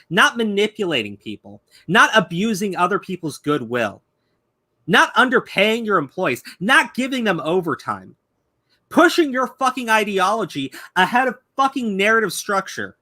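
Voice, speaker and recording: A man's voice: high voice, very animated, pushed and bright. A man hosting a commentary stream, ranting angrily and swearing heavily. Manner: angry, profane, rapid ranting. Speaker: YouTube commentary host.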